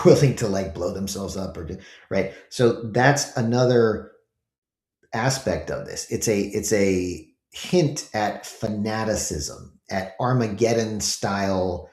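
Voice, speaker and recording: A man's voice: on the low side, mellow, roomy sound. A man hosting his own show, giving casual commentary with emphatic rhetorical questions to his viewers. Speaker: host.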